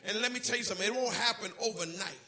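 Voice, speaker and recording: A man's voice: high voice, rapid-fire, sharp tone. A man preaching a church sermon, telling homely stories and speaking straight to his congregation. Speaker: pastor. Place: church service.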